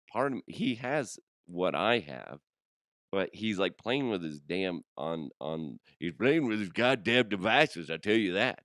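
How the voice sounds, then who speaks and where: A man hosts a casual comedy podcast, his voice rough from a cold. He swings all over in pitch and swears freely. The sound is close and dry. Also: no echo. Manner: animated, swearing, laughs a lot. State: hoarse from a cold. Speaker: podcast host.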